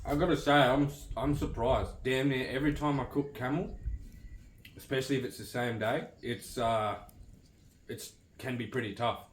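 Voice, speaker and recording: An Australian man vlogging casually while cooking outdoors, talking in a relaxed, blokey way, swearing casually and tagging lines with "eh". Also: mid-range voice, moderate pace, reverberant, slight background noise, poor audio. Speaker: outback station vlogger.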